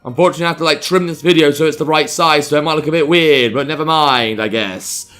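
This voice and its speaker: Guy doing a visual novel playthrough, sarcastic crude jokes, bright tense voice, faint music. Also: fairly high pitch, fast talker, smooth. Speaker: let's play host. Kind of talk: reading a visual novel aloud with jokey asides.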